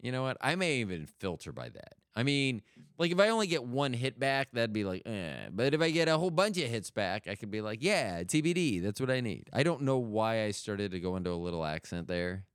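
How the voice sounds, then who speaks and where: A middle-aged man talks his way through a loose podcast monologue, jumping up and down in pitch as he jokes and restarts his sentences. His voice is smooth and resonant, recorded close and dry. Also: very animated, brisk, no room sound. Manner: rambling, self-interrupting, jokey. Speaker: podcast host.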